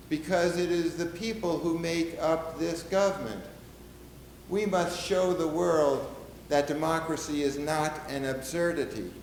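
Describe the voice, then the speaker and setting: A man portrays a solemn, middle-aged nineteenth-century American president who speaks in a measured, oratorical way. His voice sits a little high and moves at an unhurried pace. The recording is roomy, with a faint ambience behind him. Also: slight background noise. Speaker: historical reenactor. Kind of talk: first-person historical portrayal.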